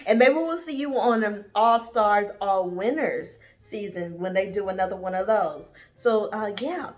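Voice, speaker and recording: A woman's voice: mid-range voice, unhurried, slight background noise. A woman vlogger giving a casual, rambling show review, sassy and calling her viewers honey and darling. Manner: rambling, with many fillers and trailing asides.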